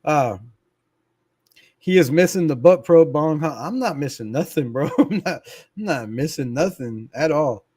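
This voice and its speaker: Relaxed middle-aged man hosting a livestream. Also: fairly high pitch, normal speed, slightly rough, dry recording, studio quality. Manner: laid-back, reads viewer comments aloud, laughs often, swears. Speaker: fan channel livestream host. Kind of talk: casual livestream chat.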